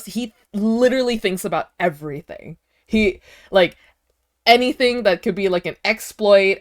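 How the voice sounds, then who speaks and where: A woman in her twenties streaming from home, chatting casually and excitedly with her viewers, with lots of "like" fillers. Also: mid-range voice.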